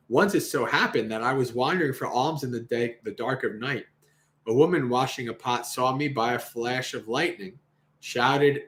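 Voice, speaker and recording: A man hosting a livestream, reading a Buddhist sutta aloud and commenting casually, laughing often and acting out the quoted lines. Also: medium pitch. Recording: roomy echo.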